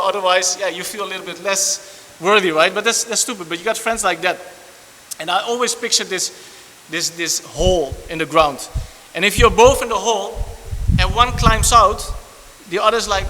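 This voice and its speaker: A man preaches in a lively, repetitive way, circling back over his words and restarting phrases. His voice sits high and sounds very bright. A long church reverb and faint hiss surround him. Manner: animated, repetitive preaching with frequent restarts and asides. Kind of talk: sermon. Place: church hall.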